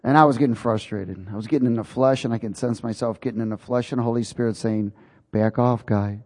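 A man's voice: medium pitch, fairly even intonation, fast, darkish tone, long reverb tail. A man preaching a sermon, telling a personal story in a folksy, chuckling way.

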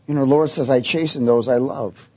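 Husky-voiced man preaching. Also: medium pitch, steady tone, fairly quick, warm tone. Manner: storytelling, quoting voices in his tale. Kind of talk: sermon with personal story.

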